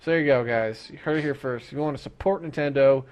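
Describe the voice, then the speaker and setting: A young man streaming, ranting about games in an excitable, profane, fast-talking way. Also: mid-range voice. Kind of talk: ranting gaming stream chat.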